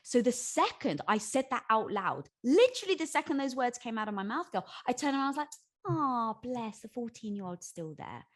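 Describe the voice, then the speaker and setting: A woman speaking as a podcast guest, bubbly and quick to laugh, moving from excited squeals to low, earnest explanation. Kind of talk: animated interview conversation.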